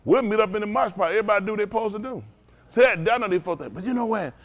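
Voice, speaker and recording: A man's voice sits high and races along as he preaches a loose, conversational sermon. He chuckles a lot and asks the congregation, "ain't that right?"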